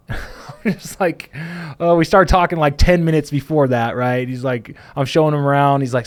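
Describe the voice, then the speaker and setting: A man's voice: mid-range voice, moderate pace, no echo. A man telling a story in casual conversation, rambling and quoting what people said. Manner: rambling, many fillers and restarts, quotes people. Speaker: podcast host, plumbing business owner.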